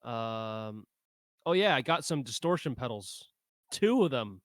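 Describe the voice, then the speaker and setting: A man's voice: medium pitch, sing-song, measured pace, no echo, clean studio sound. A man hosting a casual podcast chat, rambling and easygoing. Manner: rambling, easygoing, lots of fillers. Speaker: podcast host.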